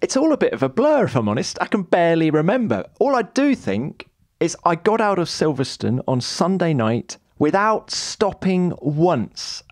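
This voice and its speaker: A middle-aged man with a fairly high voice whose pitch swings widely as he teases his co-hosts. The sound is close and dry, with emphatic, playful delivery. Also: sing-song, normal speed, no room sound. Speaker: podcast host. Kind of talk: casual chat.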